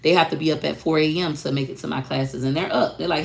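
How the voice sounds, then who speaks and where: Blunt, gravelly-voiced woman talking casually. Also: deep voice, fast, few pauses. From Florida. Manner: blunt, animated, outspoken. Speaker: online social media course teacher. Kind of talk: casual livestream talk.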